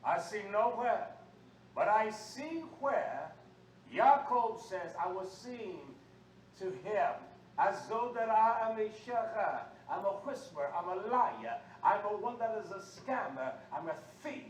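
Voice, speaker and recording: A man preaching a sermon with call-and-response, swinging from low talk to shouting. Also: animated, takes it slowly. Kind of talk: fiery sermon. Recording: echoey room, far from the mic, faint noise.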